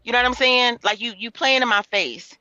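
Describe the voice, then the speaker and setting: A woman's voice: on the high side, brisk, pushed and bright, no room sound, highs cut off. A woman venting in heated casual livestream chat, profane and repeating herself as she talks.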